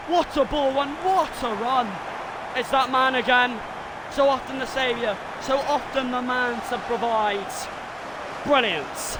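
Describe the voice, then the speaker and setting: A young man streaming a football video game, giving his own excitable commentary that swings between frustrated rants and shouted goal calls. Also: very high voice, a little slow, very noisy. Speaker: gaming streamer doing self-commentary.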